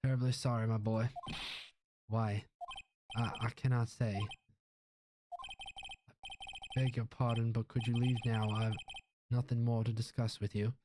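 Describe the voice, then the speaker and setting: A man's voice: medium pitch, flat delivery, normal speed, noisy background, natural voice. A man putting on a pompous old Southern lawyer. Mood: apologetic. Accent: put-on Southern US. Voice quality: drawling, throat-clearing, stammering excuses. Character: pompous older male lawyer, evasive and blustering.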